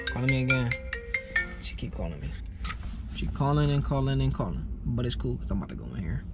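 A man's voice: mid-range voice, very animated, brisk, darkish tone, soft background music. A young man chatting to his viewers in a casual prank vlog, talking slangy and laughing often, recorded on a camera inside a car. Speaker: prank vlogger. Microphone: GoPro camera in the car. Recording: car and road noise behind.

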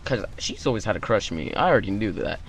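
A young man hosting his channel, telling a story-time tale in an animated way and acting out the quotes. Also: lowish voice, fast talker, a little hiss or hum. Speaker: YouTube channel host.

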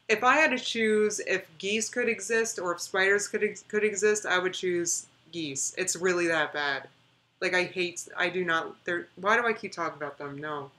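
A woman's voice: mid-range voice, sharp tone. A young woman chatting casually on her live stream, rambling and reading out viewer comments.

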